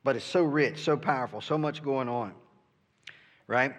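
At medium pitch and normal speed, a male pastor gives an earnest sermon, frequently adding "right?" and fumbling the openings of his sentences. The recording carries long reverb from a hall.

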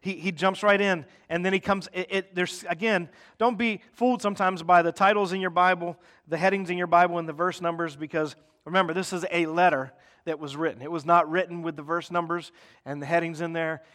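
A man with a high, steady, fairly bright voice preaches a sermon at a brisk clip in a conversational style. He often checks in with his listeners and acts out their complaints in mock voices.

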